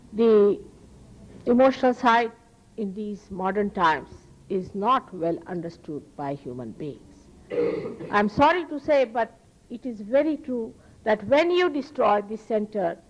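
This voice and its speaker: A woman's voice: mid-range voice, darkish tone, poor audio. Earnest Indian woman giving a spiritual lecture. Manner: earnest, emphatic, moralizing, with pauses and restarts. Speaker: spiritual teacher.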